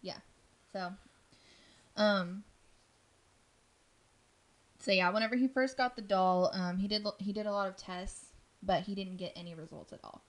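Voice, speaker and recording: A woman's voice: mid-range voice, measured pace, pauses often. A woman casually telling a spooky story on a podcast, rambling with lots of ums and likes.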